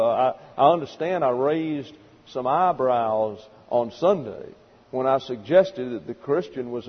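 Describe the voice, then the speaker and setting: A man's voice: mid-range voice, slightly rough, long reverb tail, dull audio. A man preaching as a pastor, working through numbered points in a methodical Bible lesson with dry asides. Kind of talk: expository Bible teaching.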